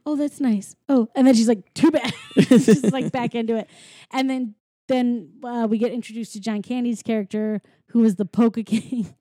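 Recorded dry and in studio quality, this podcast co-host has a slightly high, mellow voice with a steady tone and normal speed. She casually recaps a film with a friend, telling the story, performing quotes, and laughing often.

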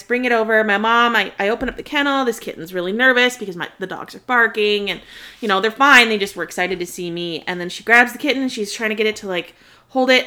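A woman's voice: mid-range voice, pushed and bright. A young woman co-hosting a book podcast, telling a long story in casual chat between friends, laughing often and acting out voices, sharing one mic across a table. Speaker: podcast co-host. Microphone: one mic shared across a table.

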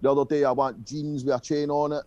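A young Scottish man, a guest musician, talks fast in a flat, medium-pitched voice with a darkish tone, rambling through school-day stories in a casual interview, swearing and using lots of fillers. The recording is dry, with the highs cut off.

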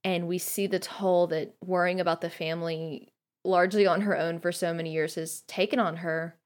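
A woman guest-hosting a podcast, talking thoughtfully and earnestly about a book, pausing often with "um". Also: lowish voice, fairly even intonation. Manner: earnest, thoughtful, frequent hesitations with um. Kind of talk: casual reflective commentary on a book.

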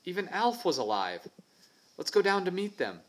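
A man voicing an eager, curious young boy who asks lots of questions and gets excited easily. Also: medium pitch, brisk, voice pushed up, natural voice.

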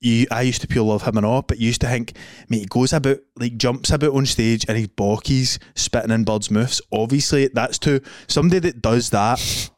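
Talking briskly at a medium pitch, a young Scottish man co-hosts a podcast in loose, rambling chat packed with swearing, fillers and frequent laughter. The recording is dry and studio quality.

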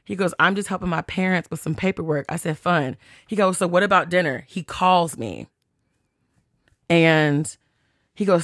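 A woman podcast host tells a story in a chatty, animated way, reading text messages aloud and swearing freely. Her pitch is fairly low and her pace moderate. The studio-quality recording has no echo.

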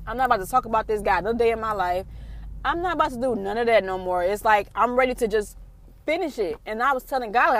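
A young woman tells a heartfelt faith testimony in a vlog. Her voice sits a little high and she rambles, leaning on "like" again and again. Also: a bit bright. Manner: rambling, fills with "like". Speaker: vlogger.

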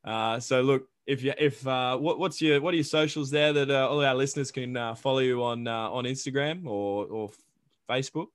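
A man's voice: medium pitch, normal speed, no room sound. Joking Australian man hosting, dry sound. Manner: joking, heavy on slang, loose and rambling. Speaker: podcast host. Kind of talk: casual interview chat.

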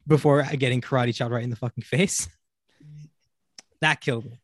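Male podcast co-host, mid pitch, halting and blunt, dry sound. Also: fairly even intonation, husky, no echo. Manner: hesitant, frank, swears freely. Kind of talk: casual movie review chat.

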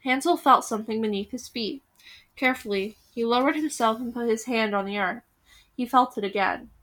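A woman reads a fantasy story aloud, building suspense with dramatic pauses. Her voice is bright, sitting a little above the usual pitch. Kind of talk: reading a book aloud.

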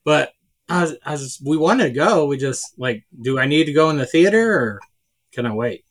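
A man's voice: fairly high pitch, expressive, moderate pace. A man co-hosting a podcast, chatting casually about movies in a laid-back, rambling way, laughing often. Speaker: podcast co-host.

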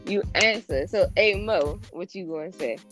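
A woman in her twenties with a D.C. accent chats as a podcast guest, laid-back and full of slang, laughing often. Her voice is mid-pitched, and soft music plays faintly underneath. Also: normal speed. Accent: Washington, D.C. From Washington, D.C. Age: 20s. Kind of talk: casual podcast chat.

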